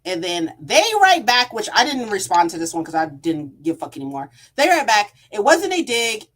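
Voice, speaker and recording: A woman book vlogger rants through a casual storytime at normal speed in a medium-pitched voice. She reads out comments in a flat voice and answers them heatedly with sarcasm, heavy swearing, and frequent laughter.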